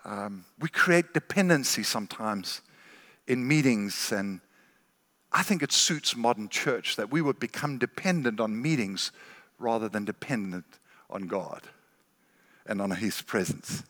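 A man's voice: fairly low pitch, expressive, measured pace, a bit bright. A man preaching a sermon as a guest speaker, earnest and often repeating words as he starts a phrase. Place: large church hall. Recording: long church hall reverb.

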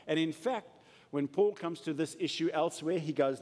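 A man preaching a sermon to a congregation in an emphatic, animated way. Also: fairly high pitch, moderate pace. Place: church hall with an audience. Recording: long hall reverb.

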